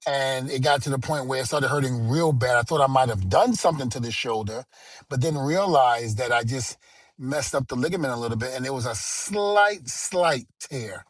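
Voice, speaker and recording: A man's voice: medium pitch, moderate pace, no room sound. A middle-aged man co-hosting a podcast, telling stories in a playful, casual way and acting out the dialogue. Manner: storytelling, playful, acts out quoted dialogue. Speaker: podcast co-host.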